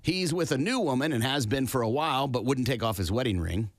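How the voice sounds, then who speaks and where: A man's voice: mid-range voice, expressive, a little fast, dry recording, studio quality. A man co-hosting a podcast in casual chat, telling a story with wry asides. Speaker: podcast co-host.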